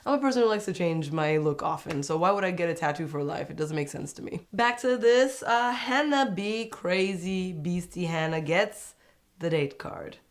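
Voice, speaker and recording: A young woman talks through a reality show episode in a casual, opinionated way, with a voice that sits a little low for a woman. She is chatty and sarcastic, and now and then she jumps into a high, mocking voice to imitate people. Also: expressive, normal speed. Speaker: reality TV recap vlogger.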